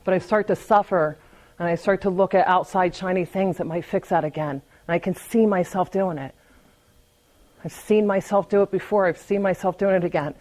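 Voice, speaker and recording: A woman's voice: lowish voice, darkish tone, low-quality recording. A woman giving a candid, conversational recovery talk, often restarting and repeating words and laughing lightly between thoughts. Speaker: AA speaker. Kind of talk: personal recovery talk at a meeting.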